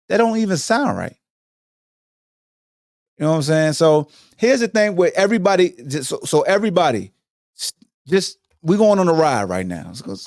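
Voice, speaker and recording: A man's voice: fairly high pitch, no echo, clean studio sound. A man hosting his own podcast in casual solo commentary, slangy and emphatic, often mocking his listeners. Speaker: podcast host.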